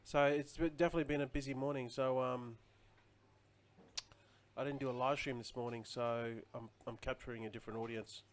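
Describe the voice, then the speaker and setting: A man's voice: mid-range voice, fairly even intonation, a little fast. A man chatting casually on a live stream, rambling loosely and answering viewer comments as he goes.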